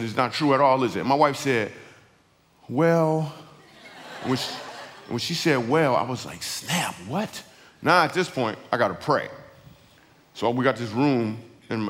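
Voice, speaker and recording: A man's voice: medium pitch, fairly bright tone. Middle-aged guy joking and telling stories, laid-back slangy talk, big reverby hall. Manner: casual, conversational, slangy storytelling. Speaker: guest speaker. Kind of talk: storytelling talk with humor. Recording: long reverb of a large hall.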